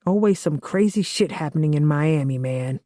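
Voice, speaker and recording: A woman's voice: low-pitched, expressive, normal speed, warm tone, no room sound, studio quality. A woman voicing a blunt, profane young man who is about to become a father, read for an audiobook. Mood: rueful. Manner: profane, teasing, matter-of-fact. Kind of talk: audiobook dialogue reading.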